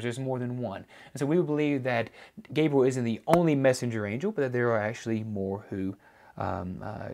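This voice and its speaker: Guy pastor giving a sermon, mid pitch, explaining verses with lots of uh and um. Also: darkish tone. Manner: explanatory, frequent fillers and restarts. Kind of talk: sermon teaching.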